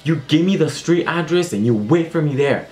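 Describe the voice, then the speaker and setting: A man putting on the voice of a furious, worried middle-aged mother, yelling and swearing in a high falsetto. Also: expressive, moderate pace, natural voice. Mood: commanding.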